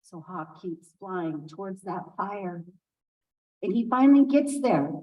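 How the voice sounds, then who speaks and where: A woman telling a traditional folk tale aloud at a conference, unhurried and expressive, with asides to listeners. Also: mid-range voice, distant mic, low-quality recording. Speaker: storyteller speaking at a conference. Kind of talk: oral storytelling of a folk tale.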